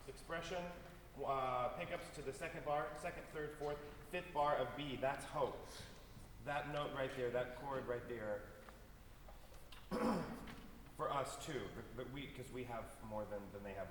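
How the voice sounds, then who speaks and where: A man's voice: medium pitch, fairly bright tone, a little hiss or hum. A man conductor rehearsing an orchestra, coaching players, singing phrases in syllables and asking "yeah?" to check they follow. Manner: coaching, sings phrases in syllables, tag questions. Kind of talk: rehearsal instruction. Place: large concert hall. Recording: echoey hall from far off.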